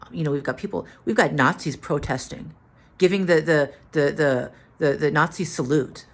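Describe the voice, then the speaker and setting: A tired, drained woman telling a story to the camera in a halting way, repeating words and restarting. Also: low-pitched. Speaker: vlogger.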